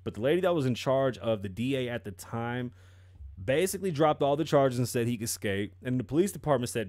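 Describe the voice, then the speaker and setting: A man's voice: mid-range voice, lively intonation, fast talker, a little mellow, no echo, studio quality. Sarcastic man riffing on the news. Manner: mocking, rhetorical questions, breaks off to laugh. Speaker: commentary vlogger. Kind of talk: profane sarcastic news commentary.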